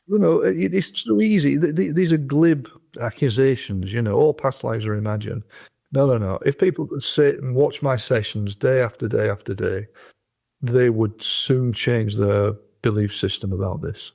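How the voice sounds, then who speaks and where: A man's voice: mid-range voice, normal speed, vocal fry, a little mellow. A man being interviewed as a hypnotherapist guest, speaking emphatically and insistently. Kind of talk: podcast interview.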